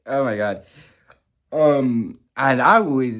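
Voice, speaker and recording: A man's voice: medium pitch, lively intonation, drawn-out words, a bit bright. A young man giving an emotional, rambling review of a TV finale, full of fillers, restarts and swearing. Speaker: vlogger reviewing a TV show. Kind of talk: casual rambling reaction review.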